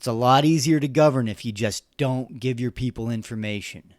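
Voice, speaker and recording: A man's voice: mid-range voice, brisk, no echo, studio quality. A man hosting a solo opinion podcast, talking earnestly and with passion, often repeating words as he gathers his thoughts. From United States. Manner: earnest, impassioned, repeats words while searching for them. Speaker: podcast host.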